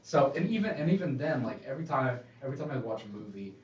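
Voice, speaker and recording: Animated man, echoey distant room. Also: medium pitch, fast talker, highs cut off. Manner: animated, jokey. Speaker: player. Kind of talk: casual chat between game sessions.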